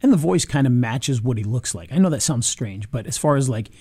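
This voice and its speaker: A man casually reviewing software on screen, chatty, with frequent ums and restarts. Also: mid-range voice, lively intonation, fairly quick, breathy edge, dry recording, studio quality. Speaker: video marketing reviewer.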